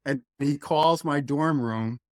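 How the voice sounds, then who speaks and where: A middle-aged man from New Jersey, a former college football lineman, telling stories as a guest in a casual interview, lively, acting out quotes. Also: fairly high pitch, takes it slowly, no echo, studio quality. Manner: animated, acts out quotes.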